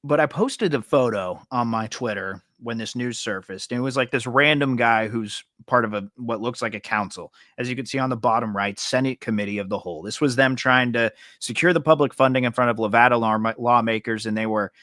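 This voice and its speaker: A man hosting a casual sports podcast, talking in a relaxed, easygoing way. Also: medium pitch, a little fast, hardly any pauses, no room sound, clean studio sound. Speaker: podcast host.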